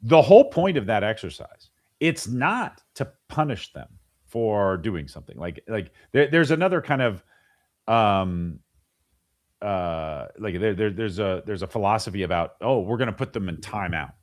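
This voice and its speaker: In a casual podcast interview, a middle-aged guest talks with animation, often restarting and repeating words as he mimics parents and kids. He has a lowish voice with big pitch swings and an unhurried delivery.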